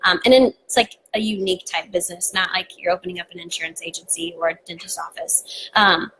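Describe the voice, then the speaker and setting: A woman's voice: on the low side, steady tone, fast, a bit bright, slight background noise, low-quality recording. A woman co-hosting a podcast live stream in a casual, chatty way, full of "like" and "um.". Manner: chatty, with frequent "like" and "um". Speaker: podcast co-host.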